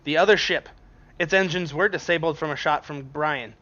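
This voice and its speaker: A man's voice: fairly high pitch, moderate pace, bright, forceful tone. A man narrating as game master of a tabletop game, casual and profane, often laughing. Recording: dull lo-fi stream audio.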